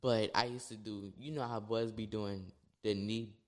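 A young man from New Orleans with a New Orleans accent, telling dance stories in animated casual chat. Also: moderate pace. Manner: animated storyteller, acts out quotes in a high voice. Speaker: dancer guest.

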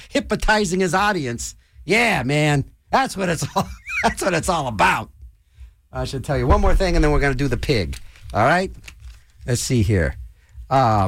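A man's voice: fairly high pitch, fairly bright tone, dry recording. Manic rambling radio DJ man. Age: middle-aged. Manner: manic, rambling, jokey, lots of fillers. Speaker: college radio DJ. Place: radio studio.

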